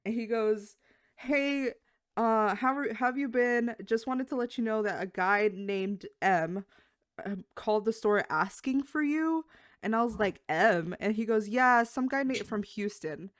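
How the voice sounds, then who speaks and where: A woman co-hosting a podcast, chatting casually and bouncing into high voices whenever she quotes someone. Her voice is smooth and clear, recorded dry and close to the mic. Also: dry recording. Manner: animated, acts out quotes with big pitch jumps, lots of fillers. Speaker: podcast co-host. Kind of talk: casual storytelling chat.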